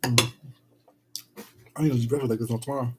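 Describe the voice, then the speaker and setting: A man's voice: mid-range voice, fairly even intonation, fast talker, darkish tone, a little hiss or hum, poor audio. A man live-streaming himself eating, chatting casually and greeting viewers in the chat with pet names like "baby" and "sweetheart".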